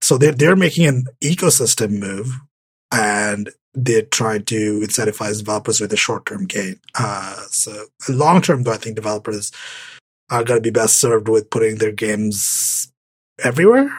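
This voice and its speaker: A man's voice: lowish voice, normal speed, slightly rough, dry recording. A man co-hosting a casual tech podcast, rambling with many restarts and fillers. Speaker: podcast co-host.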